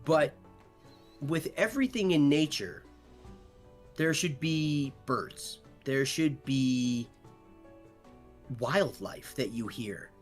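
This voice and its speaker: A man narrating a tabletop game as game master, relaxed with many fillers. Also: mid-range voice, slow pace, long pauses, soft background music.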